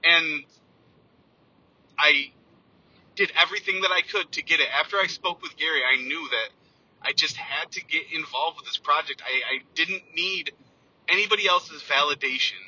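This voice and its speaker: Earnest man with a bright, tense voice. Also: fairly high pitch, moderate pace, long pauses, breathy edge, no room sound, lo-fi sound. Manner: earnest and heartfelt, with frequent restarts. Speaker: computer teacher sharing a personal story. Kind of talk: personal testimonial storytelling.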